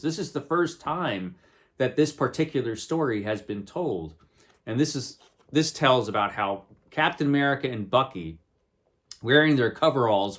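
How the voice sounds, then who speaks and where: Lively-voiced man chatting about comics. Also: medium pitch. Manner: conversational, digressive, wry asides. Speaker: comic book reviewer. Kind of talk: casual spoken review.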